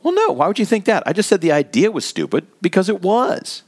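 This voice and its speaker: A man's voice: fairly high pitch, huge pitch swings, brisk. A man voicing a blunt, dismissive male coworker who answers curtly and defensively. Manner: curt, defensive, scornful.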